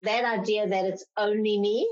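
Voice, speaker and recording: In slightly dull lo-fi audio, a woman clinical psychologist answers interview questions in a medium-pitched, steady, somewhat mellow voice at a moderate pace. She explains things patiently, now and then raising her voice to act out parents' complaints.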